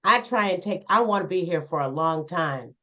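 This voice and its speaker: A woman hosting an interview, relaxed and conversational, encouraging her guest. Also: lowish voice, normal speed. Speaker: host.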